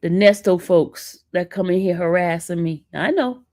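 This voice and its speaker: A woman's voice: on the low side, normal speed, warm tone, dry recording, studio quality. A woman with an East Coast American accent hosting a casual livestream, teasing and sassing her chat. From northern US. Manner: sassy, teasing, talks back to chat. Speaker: livestream host.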